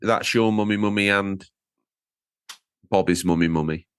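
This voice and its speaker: A man co-hosting a gaming podcast, bantering in a jokey, animated way and laughing at himself. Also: lowish voice, normal speed, smooth, no room sound. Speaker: podcast co-host. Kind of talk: casual banter.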